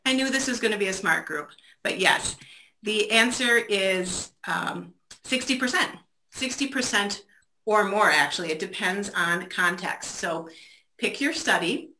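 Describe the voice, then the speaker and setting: A woman's voice: medium pitch, pushed and bright. A woman giving a virtual training talk, engaging her audience with questions over a video call. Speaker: presenter. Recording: roomy echo, faint noise.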